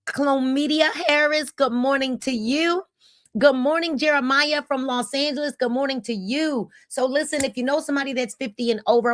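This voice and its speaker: A woman's voice: high voice, no echo, studio quality. A woman, hosting a casual livestream and greeting viewers by name in an upbeat way. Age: 50s. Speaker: host of a livestream.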